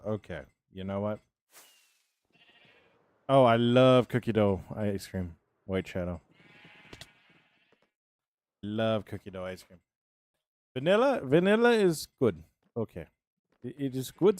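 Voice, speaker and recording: A man's voice: fairly low pitch, takes it slowly, long pauses, darkish tone, dry recording. A man chatting casually on a live game stream, rambling and answering his viewers' chat as he plays.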